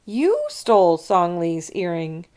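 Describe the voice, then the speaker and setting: A woman's voice: fairly low pitch, very animated, slow pace, darkish tone, clean tone. A woman voicing a bossy young schoolgirl who lectures a classmate in a prim way in a storybook read-aloud. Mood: lecturing.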